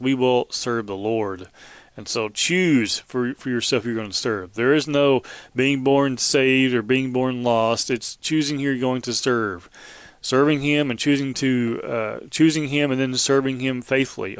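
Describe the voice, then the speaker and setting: A man's voice: mid-range voice, smooth, no room sound. A man teaching verse by verse from the Bible, reading passages aloud and then explaining them plainly, often restarting his phrases. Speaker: preacher.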